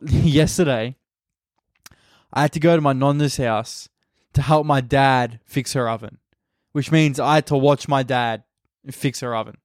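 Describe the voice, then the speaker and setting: Crude rambling Australian comedian. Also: male voice, mid-range voice, smooth, no room sound, studio quality. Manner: crude, rambling, heavy swearing. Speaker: podcast host and stand-up comedian. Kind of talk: casual comedic monologue.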